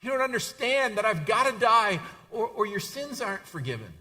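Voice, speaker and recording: A man's voice: a little high, moderate pace, a bit bright, far from the mic, lightly acted. A man voicing a stern male teacher who rebukes a follower with insistent, repeated phrases.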